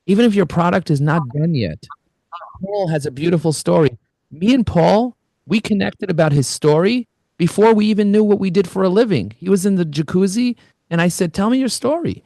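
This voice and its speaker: A man in his forties hosting a live online coaching session, energetic and storytelling, with rambling asides. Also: a little high, creaky, no echo, studio quality. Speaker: host, LinkedIn coach.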